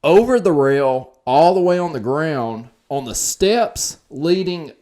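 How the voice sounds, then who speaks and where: On a podcast, a man tells a wild story casually, animated and profane, his slow, slightly high voice swinging between loud and quiet.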